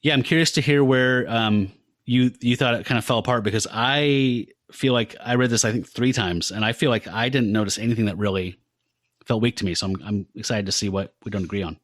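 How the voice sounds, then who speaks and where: Male co-host, laid-back animated comics chat, dry close mic. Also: mid-range voice, a little fast, no echo. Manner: animated, retelling with laughs. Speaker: podcast co-host. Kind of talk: casual comic book discussion.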